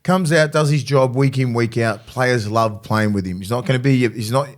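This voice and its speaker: A man's voice: mid-range voice, normal speed. Laid-back man, sports podcast. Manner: blunt, swearing, laid-back. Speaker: podcast co-host, former player. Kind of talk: casual sports chat.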